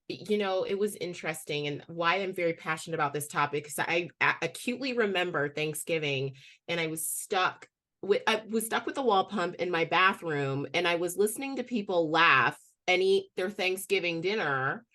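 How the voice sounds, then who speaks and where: A woman's voice: fairly low pitch, lively intonation, normal speed, sharp tone. A woman on a webinar speaking in a candid, emotional way. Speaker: webinar co-host. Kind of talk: personal story on a webinar.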